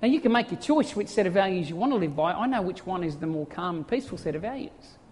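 A pastor preaching a sermon in an animated way, full of rhetorical questions and acted-out quotes. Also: medium pitch, quick pace. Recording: reverberant church hall sound.

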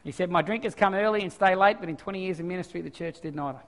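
High-voiced man preaching in a hall. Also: very fast. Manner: animated, swings from quiet reading to loud exclamations. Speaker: pastor. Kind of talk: sermon.

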